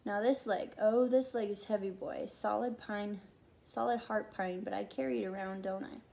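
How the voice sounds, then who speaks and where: A woman's voice: medium pitch, steady tone, normal speed, creaky, warm tone, close to an everyday voice, poor audio. Woman reading as a blunt, suspicious farm woman. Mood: interrogating. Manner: blunt, interrogating, teasing. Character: gruff one-legged woman, sharp and suspicious.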